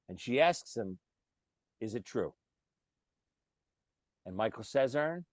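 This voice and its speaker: A man's voice: mid-range voice, slow pace, long pauses, no echo. A man co-hosting a casual podcast, talking animatedly about films and acting out lines. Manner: animated, swears casually, acts out movie lines. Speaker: podcast co-host. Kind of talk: casual chat.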